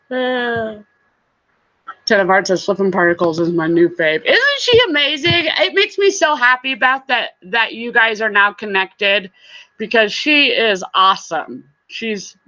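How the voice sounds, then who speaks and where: Bright-voiced chatty woman streamer. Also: medium pitch, big pitch swings, unhurried, dull audio. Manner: chatty, warm greetings to viewers, laughs often. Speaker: live-stream host and reseller. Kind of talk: casual live-stream chat, reading viewer comments.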